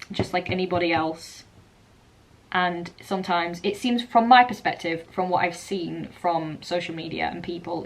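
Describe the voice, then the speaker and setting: A woman vlogger chatting casually about an album, talking in quick bursts with restarts. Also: fairly low pitch. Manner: chatty, restarts and laughs often. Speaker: music vlogger.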